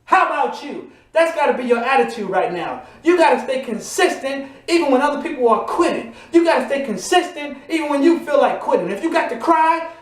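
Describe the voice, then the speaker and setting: A man's voice: very high voice, animated, fairly quick, hardly any pauses. A man preaching a motivational sermon, building to emphatic repeated refrains. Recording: echoey room.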